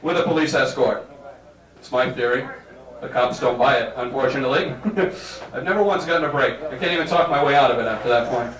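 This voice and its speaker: A man's voice: medium pitch, brisk, a bit bright. A man doing a wry, self-mocking stand-up set, chuckling through his lines. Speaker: stand-up comedian. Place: small comedy club. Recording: roomy club from far off, crowd laughing.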